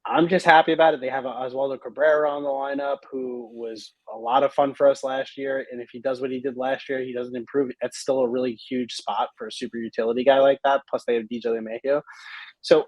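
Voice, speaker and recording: A man's voice: medium pitch, fairly even intonation, a little fast, no echo, highs cut off. A man co-hosting a sports podcast in casual chat, blunt and opinionated with a loose way of talking. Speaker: podcast co-host.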